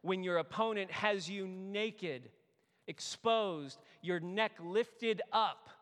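A man preaching a sermon as a pastor, animated and storytelling, building intensity as he voices scripture. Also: sits high, slow. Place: church sanctuary. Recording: echoey hall with long reverb.

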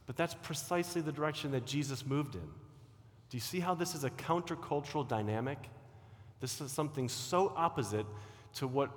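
A middle-aged man delivers a sermon, leaning hard into key phrases and then dropping to quiet asides. His voice carries a long reverb from a church hall. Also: medium pitch, brisk. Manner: animated, sweeping from loud emphasis to quiet asides. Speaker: preacher.

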